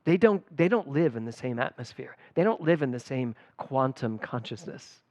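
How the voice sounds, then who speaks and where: A middle-aged man, a spiritual director, giving a conversational sermon at a church service, telling personal stories with lively emphasis. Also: mid-range voice, normal speed, no echo. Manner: animated and personal, storytelling with emphatic swings.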